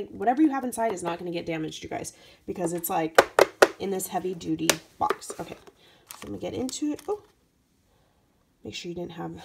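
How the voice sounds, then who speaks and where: Gushing craft-vlogger woman, slightly hoarse and gravelly, talking over faint background hiss. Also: mid-range voice. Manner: gushing, chatty, lots of "so cute" and "you guys". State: voice getting hoarse. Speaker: craft vlogger opening mail. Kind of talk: casual unboxing chat.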